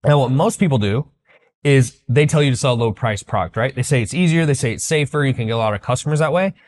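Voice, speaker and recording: A man's voice: medium pitch, fast, darkish tone. A man teaching sales techniques, blunt and emphatic, acting out bits of sales-call dialogue. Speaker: business coach. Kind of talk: sales training talk.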